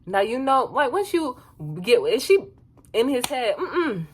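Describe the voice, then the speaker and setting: A woman giving a casual, sassy recap of a reality show, chatty and quick to laugh. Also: high-pitched, big pitch swings, slightly rough. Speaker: reality TV reviewer.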